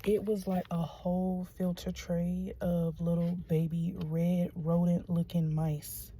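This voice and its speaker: A woman tells a rambling story to her viewers, swinging from a hushed whisper to loud, excited disbelief. Her voice sits fairly low for a woman. Faint background noise runs under her talk inside a car. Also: slow pace. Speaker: vlogger. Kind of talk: casual storytelling to camera. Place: in a car at a shop, then parked.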